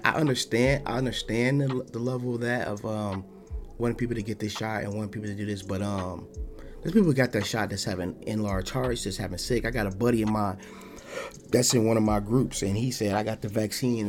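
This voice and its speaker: A man's voice: on the low side, a little mellow. A man hosting a podcast in a casual monologue, talking bluntly and defiantly, swearing freely and restarting his sentences often. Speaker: podcast host.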